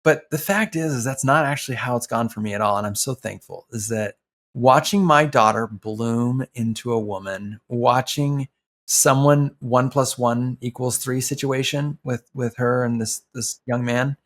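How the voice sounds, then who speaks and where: A middle-aged man co-hosting a podcast, telling a family story in an earnest, reflective way and slowing down to stress his points. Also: medium pitch. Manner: earnest, reflective, slows down for emphasis. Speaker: podcast co-host. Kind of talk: heartfelt conversational storytelling.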